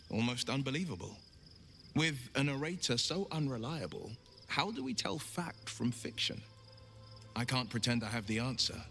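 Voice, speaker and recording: Thoughtful wizard, articulate, bright voice, game music, crickets. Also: male voice, medium pitch. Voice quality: articulate, theatrical.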